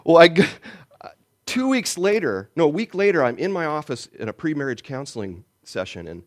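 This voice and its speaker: A man preaching a sermon, telling a personal story and swinging between loud lines and hushed ones. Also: on the low side, sing-song, quick pace. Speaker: pastor.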